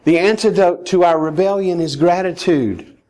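A man's voice: high voice, normal speed, a little mellow. Emphatic male pastor preaching. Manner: emphatic, rising to urgent pleading. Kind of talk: sermon.

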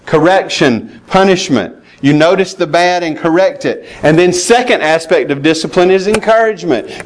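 A man preaching a sermon, plainspoken and emphatic, with chuckles and asides to the congregation. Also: fairly high pitch. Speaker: pastor.

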